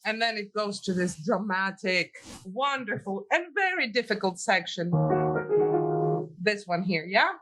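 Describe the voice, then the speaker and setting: A woman's voice: mid-range voice, lively intonation, measured pace. A woman teaching a piano masterclass, giving direct instructions and counting beats aloud.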